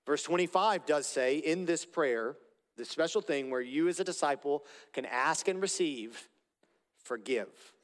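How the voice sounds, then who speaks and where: Pastor guy preaching slow and emphatic, bit higher voice, long echo like a big hall. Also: expressive. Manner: deliberate, emphatic, repeats key phrases. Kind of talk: sermon.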